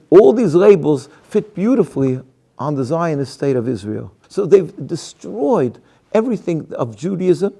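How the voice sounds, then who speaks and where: A man's voice: a little high, creaky, dark tone. A man speaking in an interview as an activist, making emphatic arguments with many restarts and rhetorical questions. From United States. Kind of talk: impassioned interview answers.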